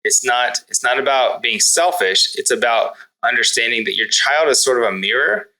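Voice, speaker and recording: A man's voice: mid-range voice, lively intonation, moderate pace, sharp tone, rough recording. A man in his thirties, a parenting coach on a podcast, talking earnestly and reflectively, often restarting his sentences. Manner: earnest and reflective, with self-corrections. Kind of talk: conversational podcast interview.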